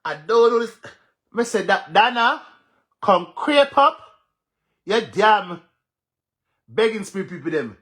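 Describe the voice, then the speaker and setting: A man with a Jamaican accent ranting on a live stream, mocking and cursing with loud laughs. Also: sits high, animated, takes it slowly, long pauses. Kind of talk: casual live-stream rant.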